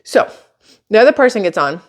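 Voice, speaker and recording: A woman's voice: mid-range voice, very animated, a little fast. Woman, casual storytelling rant, exasperated, sarcastic, swearing. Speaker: YouTuber.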